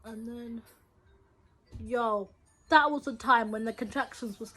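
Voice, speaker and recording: A young woman tells a story in a high, bright voice, slangy and repetitive, jumping into loud acted-out quotes. Soft music plays underneath. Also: slow pace, pauses often. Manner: animated, acts out quotes with loud bursts and laughter. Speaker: vlogger. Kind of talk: casual storytime.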